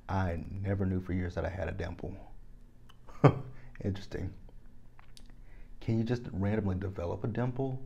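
A man's voice: on the low side, gravelly, lo-fi sound. A man recapping a reality show in casual chat to the camera, candid and emphatic, speaking straight to his viewers. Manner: candid, animated and emphatic, addresses viewers directly.

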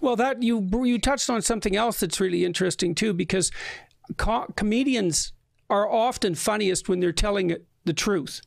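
Male host, high gravelly voice, stops and restarts a lot, dry sound. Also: no room sound. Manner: halting, repeats words while thinking. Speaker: podcast host. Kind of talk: interview conversation.

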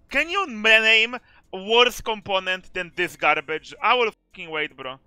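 Bright-voiced man ranting over gameplay. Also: sits high, animated, measured pace, clean tone, no echo. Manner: blunt, swearing, ranting. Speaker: streamer. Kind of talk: casual gaming commentary.

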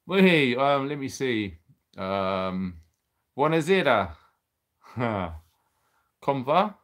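A cheerful British man in middle age, chatting live to his viewers in a relaxed, rambling way. His voice sits at an ordinary pitch, easy and unforced, broken up by frequent laughs and exclamations. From United Kingdom. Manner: chatty, upbeat, reading out viewer names; laughs often, exclaims blimey and bonkers. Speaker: livestream host. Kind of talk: casual livestream chat.

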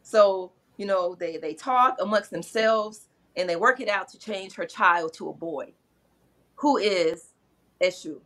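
Speaking at a measured pace in a fairly bright, mid-range voice, a middle-aged woman and spiritual practitioner retells sacred myths in casual conversation. She is earnest and slips into quoted voices as she goes.

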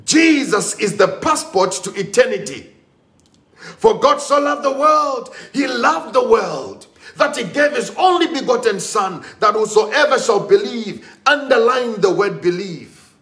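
A man's voice: high voice, a bit bright, roomy sound. A man preaching a sermon with emphatic, repetitive delivery and rising exclamations.

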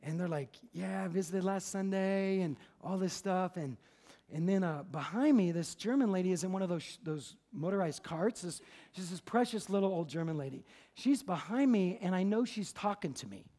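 A man preaching as a pastor, telling a story in a lively, conversational, jokey way. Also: high-pitched, moderate pace. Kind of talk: sermon with storytelling. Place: church service.

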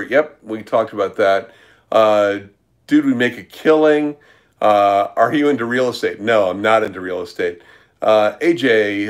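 A middle-aged man hosting a livestream, reading viewer questions and launching into a blunt, profane, combative rant. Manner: profane, blunt and combative, with pitch swinging up when worked up.

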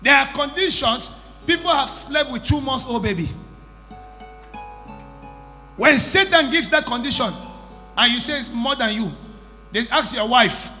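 High, bright-voiced man preaching emphatically. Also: animated, a little slow, pauses often. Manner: emphatic, exclaiming, questioning the congregation. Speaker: prophet leading a church service. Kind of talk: sermon with deliverance testimony. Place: church hall with congregation. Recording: echoey hall, music underneath.

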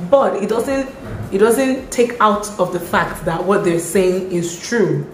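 A woman's voice: mid-range voice, expressive, slow, slight background noise. A young woman with a Nigerian accent, chatting expressively in a casual vlog, slipping in Yoruba asides. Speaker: vlogger. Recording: echoey room with faint music.

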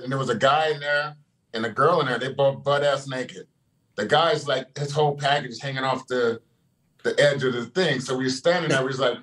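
A man's voice: mid-range voice, a bit bright, rough recording. A man telling a loose, rambling story in a casual chat.

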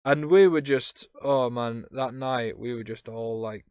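A man's voice: medium pitch, a little slow, a little mellow, smooth, dry recording, clean studio sound. A young man hosting a podcast, telling a story casually and rambling, with lots of fillers and restarts. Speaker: podcast host.

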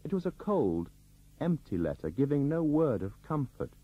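A man reading a novel aloud as an audiobook narrator, in scripted narration with a lively, varied delivery. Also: medium pitch, normal speed, husky. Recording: dull lo-fi recording.

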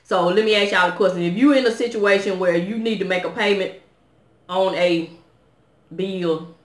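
Speaking at a moderate pace in a medium-pitched voice, a woman delivers a casual, exasperated, no-nonsense rant to her viewers on camera, asking them questions as her words bounce around an echoey room.

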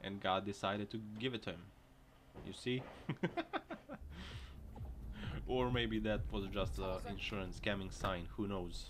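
A man's voice: fairly low pitch, fairly even intonation, measured pace, pauses often. A man doing joking reaction commentary on driving clips, laughing often between remarks. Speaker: video commentator. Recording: noisy recording.

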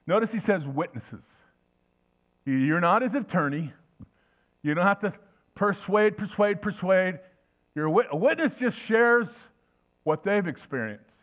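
A man's voice: high voice, expressive, a little slow, long pauses, a bit bright. An older man preaching a sermon in a folksy, anecdotal way, telling stories with frequent restarts.

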